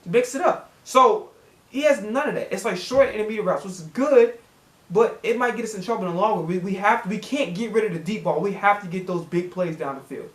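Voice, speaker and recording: Fired-up cursing man, high voice. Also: fairly quick, roomy sound. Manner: heated, cursing, repeating words when fired up. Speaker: sports reaction channel host. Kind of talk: profane fan rant.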